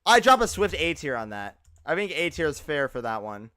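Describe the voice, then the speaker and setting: A man streaming live, giving casual, animated reaction commentary full of loose filler words. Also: on the high side, a little fast, dry recording.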